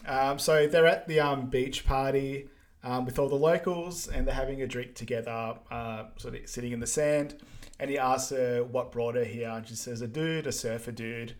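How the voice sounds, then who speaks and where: A man co-hosting a podcast, summarizing film scenes in a relaxed way full of fillers. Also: medium pitch, normal speed. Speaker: podcast co-host. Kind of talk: casual film recap chat.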